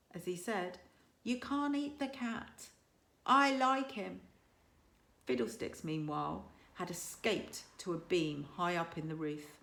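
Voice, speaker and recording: A primary school teacher, a woman, reading a children's story aloud with lively, expressive storytelling. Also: mid-range voice. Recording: echoey room.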